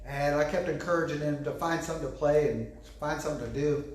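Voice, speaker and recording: A man, preaching a gentle, earnest sermon full of fillers. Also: fairly high pitch, fast talker. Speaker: pastor. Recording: echoey room.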